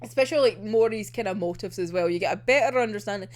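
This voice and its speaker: A woman's voice: mid-range voice, quick pace. A young woman discussing an anime episode in a casual, giggly, rambling way, swearing freely. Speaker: anime reviewer.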